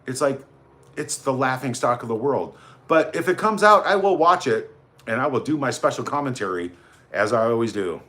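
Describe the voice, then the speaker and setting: A man's voice: medium pitch, lively intonation, moderate pace, sharp tone. Chatty man hosting a livestream. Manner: chatty, rambling, greets viewers by name. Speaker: livestream host. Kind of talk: casual livestream chat, reading out viewer comments.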